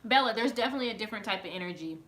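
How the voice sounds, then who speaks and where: Bright, chatty woman on a home live stream. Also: mid-range voice, expressive, racing. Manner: chatty, laughs often, talks to chat by name. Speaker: live stream host reading viewer comments. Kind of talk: casual live stream chat.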